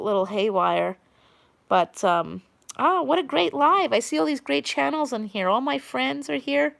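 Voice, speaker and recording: Chatty Long Island woman with vocal fry. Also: fairly high pitch, a bit bright, dry recording. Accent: Long Island New York. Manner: rambling, chatty, greets viewers by name. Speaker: live-stream host. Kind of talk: casual live-stream chat.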